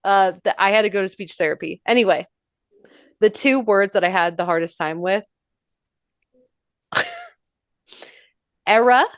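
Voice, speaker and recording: A woman co-host from New York, bantering and reading notes in a dry, close-miked room. She is loud and profane and breaks into shrieking laughter. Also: medium pitch, measured pace, pauses often, clean tone, dry recording. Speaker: podcast co-host. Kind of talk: casual chat reading history notes.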